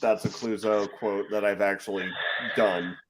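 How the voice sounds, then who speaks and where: Male co-host, unhurried, stumbles over words, easy laugh. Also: on the low side, little pitch movement. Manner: halting, repeats words, chuckles often. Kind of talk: casual stream chat.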